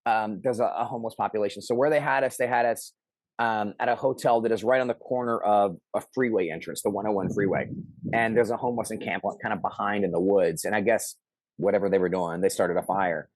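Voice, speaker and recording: A middle-aged man telling a personal story in casual conversation, animated and shouting out the lines he quotes. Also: on the low side, fairly quick, no room sound. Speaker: interview guest.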